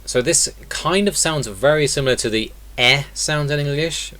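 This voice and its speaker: A man's voice: a little high, normal speed, pushed and bright. A man teaching an online lesson in a casual way, explaining step by step and repeating example words. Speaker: accent teacher.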